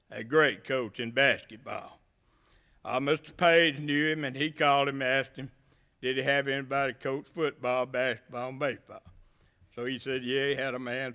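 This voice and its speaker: A man's voice: medium pitch, bright, forceful tone, clear, resonant tone. An older man with a rural Southern US accent, giving a banquet acceptance speech as a hall of fame inductee and spinning folksy, humorous stories. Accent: Southern US, rural Gulf Coast area.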